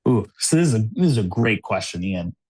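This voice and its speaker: Fairly quick and very animated, this low-leaning male voice is slightly mellow and a touch rough, with no echo. The speaker is an American cube designer, a podcast guest in New York City, laughing often and using lots of "like" and "you know" in casual interview talk.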